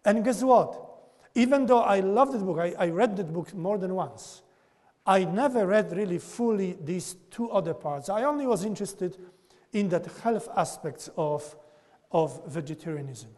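A man with a notably high voice delivers a classroom lecture, tagging his points with a quick "okay?". His voice carries a long reverb, as in a large lecture hall. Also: lively intonation, a little mellow.

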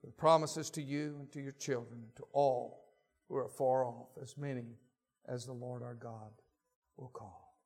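A man's voice: medium pitch, steady tone, measured pace, a little mellow. A man preaching a sermon, reading scripture aloud and telling stories with voiced quotes. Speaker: pastor.

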